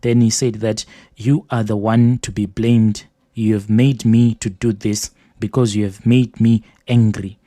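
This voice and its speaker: Male host, reads listener confessions aloud, steady and measured, warm tone, dry sound. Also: on the low side, no room sound. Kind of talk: reading a letter aloud.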